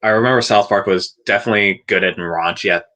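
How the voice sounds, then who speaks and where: A man with a lowish but bright, forward voice chats loosely about films and TV on a livestream. He rambles, restarts sentences and laughs between points. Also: quick pace. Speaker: podcast co-host. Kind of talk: casual livestream chat.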